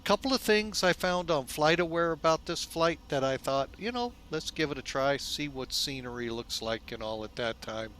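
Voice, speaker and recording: A man hosting a flight simulator video in a casual, folksy way, relaxed and loose with lots of fillers, often speaking to viewers as folks. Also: fairly high pitch, moderate pace, few pauses. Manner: chatty, folksy, keeps calling viewers "folks". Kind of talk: casual narrated simulator walkthrough.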